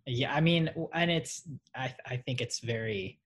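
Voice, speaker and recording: A man's voice: mid-range voice, normal speed, a bit bright, breathy edge. A man hosting a podcast interview, giving short encouraging replies and then a question. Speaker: podcast host. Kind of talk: casual interview. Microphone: podcast microphone.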